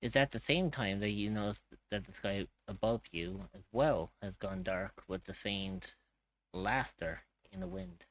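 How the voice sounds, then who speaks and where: A man's voice: fairly low pitch, animated, a little slow, vocal fry, low-quality recording. A man narrating a tabletop game as its game master, with hesitant fillers.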